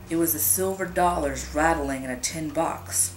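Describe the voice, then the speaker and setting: A woman with a fairly low voice reads a scary tale aloud, drawing it out for suspense and whispering the sound effects. The recording is echoey and roomy, with music running behind her. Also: normal speed, few pauses. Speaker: storyteller. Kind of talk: scary story read aloud.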